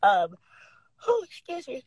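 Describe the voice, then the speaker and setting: A woman's voice: high voice, slow, breathy edge, no echo, rough recording. Brash outgoing woman, blunt and profane. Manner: lively, swings between loud and soft. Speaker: interview guest, recording artist. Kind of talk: candid interview talk.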